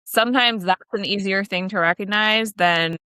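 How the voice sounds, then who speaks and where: A woman's voice: medium pitch, moderate pace, sharp tone, clear, resonant tone, dry recording, studio quality. A woman co-hosting a podcast, talking in a reflective, coaching way with casual fillers. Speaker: podcast co-host. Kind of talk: casual chat.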